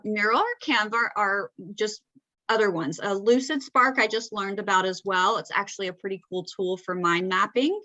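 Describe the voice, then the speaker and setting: A woman's voice: mid-range voice, pushed and bright, no echo, highs cut off. A woman with a Southern accent giving a conversational talk, often checking in with "right?". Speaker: presenter. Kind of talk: presenting a talk.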